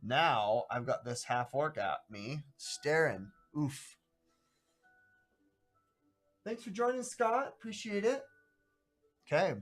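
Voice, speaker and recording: A man hosting a live stream of a tabletop adventure, chatting casually and a little haltingly. His voice sits somewhat high. Faint music plays behind him. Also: expressive, a bit bright. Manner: rambling, halting, greets viewers by name. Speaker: host playing a solo adventure on stream.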